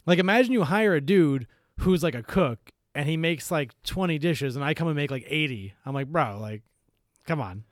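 A young man in casual chat, telling animated, rambling stories full of swearing. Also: fairly high pitch, fairly quick, no echo, studio quality.

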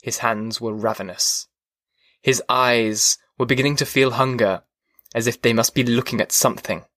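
A man reading a novel aloud as an audiobook narrator, in a measured, even manner. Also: medium pitch, no echo, clean studio sound. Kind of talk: scripted narration.

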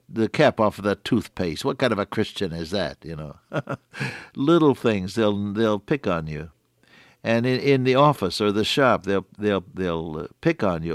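A man's voice: medium pitch, no echo, studio quality. Earnest folksy radio preacher man. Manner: folksy, earnest, drawn-out emphasis on key words. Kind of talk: radio sermon.

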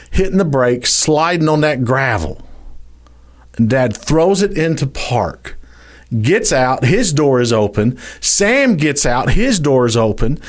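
A male guest storyteller with a Louisiana Southern accent tells an animated tale with lively pitch. He's folksy and dramatic, calling his listeners "y'all."

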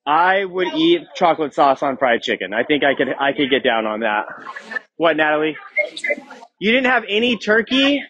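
A man's voice: fairly high pitch, big pitch swings, moderate pace, fairly bright tone, highs cut off. A man in his thirties giving a casual, joking sermon to a youth group as youth pastor, often asking the crowd questions. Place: church youth room.

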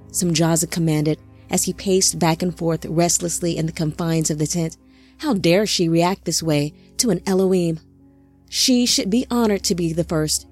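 A woman narrating a dark fantasy audio drama in a slow, measured read. Her voice sits on the low side, and each sentence is delivered with deliberate, even care.

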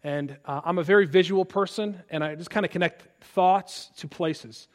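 A man's voice: high voice, moderate pace. A man pastor preaching a sermon, from Illinois, earnest and emphatic, often repeating words as he builds a point. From Illinois, USA.

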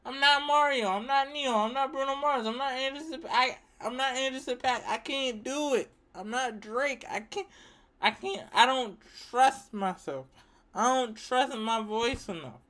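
A man's voice: very high-pitched, a little slow, sharp tone. A man giving a casual rant to his viewers, emphatic and profane, repeating himself for effect. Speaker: vlogger.

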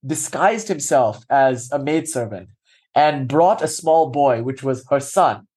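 A man's voice: medium pitch, animated, measured pace, darkish tone. A man teaching a class, telling a story in a casual, filler-heavy way.

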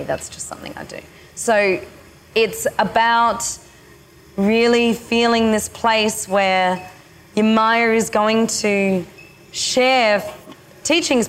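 A woman spiritual teacher leading a retreat session, speaking slowly and haltingly with many pauses. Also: medium pitch, slight background noise.

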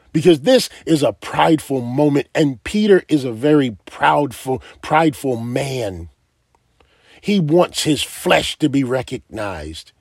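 Male preacher, sermon, slow deliberate delivery, husky tone, dry close sound. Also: mid-range voice, a little mellow, no echo. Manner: emphatic, asks the listeners direct questions.

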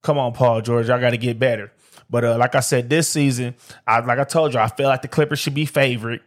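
A podcast host from Detroit, USA, talks solo about sports in a loose, slangy style, often repeating "like I said" and "man." His medium-pitched voice stays fairly even and moves fairly quickly, and the show is streamed live on camera.

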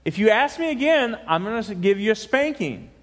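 A man's voice: on the high side, lively intonation, moderate pace, in a large hall. A man voicing a firm mother who scolds her son and sends him back to bed, in a joke from the pulpit. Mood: stern.

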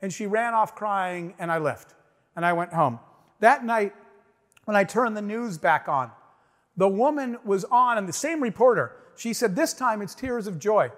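A man with a high voice gives a motivational talk to a crowd. He tells a story with emphasis and acts out each line of dialogue. The sound rings with the long reverb of a big hall. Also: expressive, a little slow, a bit bright. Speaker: business owner giving a speech.

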